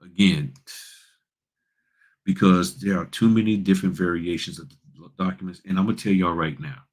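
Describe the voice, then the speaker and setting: A man's voice: low-pitched, fairly even intonation, normal speed. A man hosting a casual livestream, giving blunt, folksy advice and addressing viewers as y'all. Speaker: notary public and livestream host.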